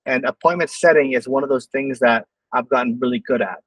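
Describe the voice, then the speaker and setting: A man's voice: medium pitch, fairly quick, no echo, rough recording. A man who owns a marketing agency, teaching a sales-call script in a casual, conversational way. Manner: loose, conversational, acts out phone calls in quotes. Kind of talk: casual screen-share lesson.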